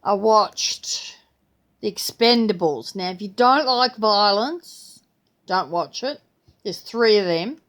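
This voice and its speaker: An older woman chatting in an easygoing, rambling way. She talks at a slow, unhurried pace and breaks into playful voices whenever she repeats what someone said. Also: medium pitch, expressive, fairly bright tone. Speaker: vlogger. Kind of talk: casual chat.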